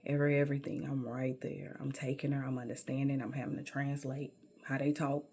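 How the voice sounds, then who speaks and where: Middle-aged woman, low husky voice, sassy personal storyteller. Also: flat delivery, fairly quick, a little mellow. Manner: sassy, emphatic, calls listener baby.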